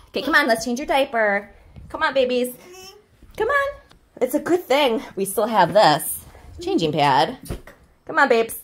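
A woman's voice: on the high side, sing-song, unhurried, long pauses, bright, forceful tone, slight background noise. A woman in her thirties, a mom doing playful pretend play with her child, fussing over her like a mother with a baby in a sing-song, exaggerated way. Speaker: mom in family kids' videos.

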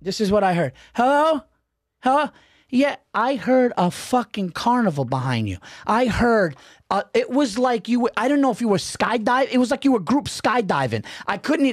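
A man's voice: extremely high pitch, lively intonation, moderate pace, no echo, studio quality. A middle-aged man, co-hosting a podcast, ranting in casual banter and acting out phone calls. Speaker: podcast co-host.

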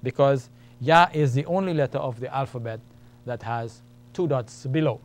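A man's voice: medium pitch, normal speed. A man teaching a beginners' lesson, patiently explaining and repeating each point step by step. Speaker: Arabic teacher. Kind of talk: classroom lesson.

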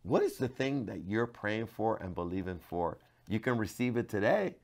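A man, a pastor, giving a devotional sermon to camera, moving from hushed, earnest talk to loud, pleading cries. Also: on the low side, lively intonation, normal speed. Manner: passionate, swings from hushed to loud cries when quoting.

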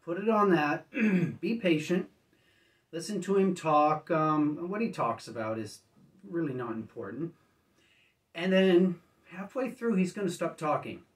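A man casually reviewing discs at home, rambling and correcting himself, often clearing his throat as if he just woke up. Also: fairly high pitch, expressive, unhurried, recorded from a distance. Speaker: disc reviewer.

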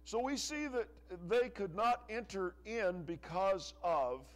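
A male pastor preaching a sermon in church, pressing hard on some phrases and letting others drop low and soft. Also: lively intonation, slow pace. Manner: preaching with rising emphasis and soft, dropping asides. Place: church sanctuary.

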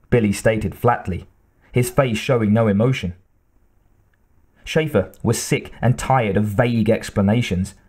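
A man reads an audiobook aloud in a steady, even tone. His voice sits at a middle pitch for a man. He carries the story without rushing. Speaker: audiobook narrator. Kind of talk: scripted narration.

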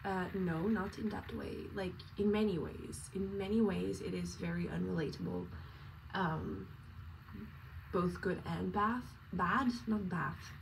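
Slow, gravelly young woman vlogger. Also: fairly low pitch, animated, a little hiss or hum. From France and Norway. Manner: rambling, filler-heavy, self-amused. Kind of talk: get-ready-with-me chat. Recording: distant mic with faint ambience.

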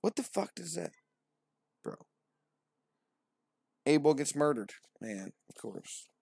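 A man's voice: a little high, sing-song, slow pace, vocal fry, darkish tone, breathy edge, no echo. A man retelling scripture as comedy, profane and slangy, with a wry tone and hesitant restarts.

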